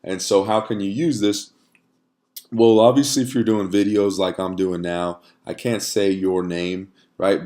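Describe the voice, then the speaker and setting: A man's voice: deep voice, a little mellow. A man teaching an online course to camera in a casual, conversational way, often checking in with "right?" and using fillers.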